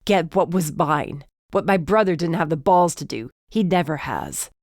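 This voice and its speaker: A woman's voice: sits low, very animated, moderate pace, a little mellow, dry recording, clean studio sound. A woman voicing a bitter, resentful grown man holding a gun, spitting his words through gritted teeth.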